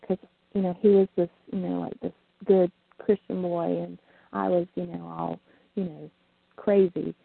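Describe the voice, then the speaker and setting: Woman, husky gravelly voice, frank and bawdy; tinny phone sound. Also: mid-range voice, dry recording. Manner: frank, bawdy storytelling with frequent laughter. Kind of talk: casual chat. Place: small southern town. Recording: tinny phone line, dry.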